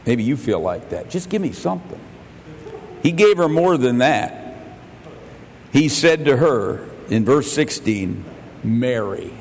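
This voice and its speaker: A man preaching an earnest evening sermon, his voice rising into half-sung exhortation at the high points. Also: lively intonation, moderate pace, darkish tone. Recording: echoey hall with faint rumble.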